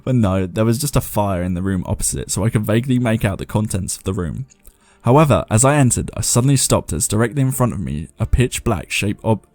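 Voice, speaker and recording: Low-voiced man hosting a paranormal show. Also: darkish tone, dry recording. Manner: rambling, self-mocking, chuckles while reading. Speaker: host of a paranormal podcast. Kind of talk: casual chat and reading listener stories aloud.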